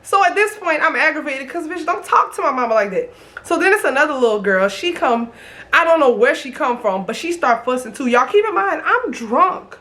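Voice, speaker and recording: A woman in her twenties telling a story to the camera, lively and profane. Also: high-pitched, brisk. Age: 20s. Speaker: vlogger. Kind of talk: storytime vlog.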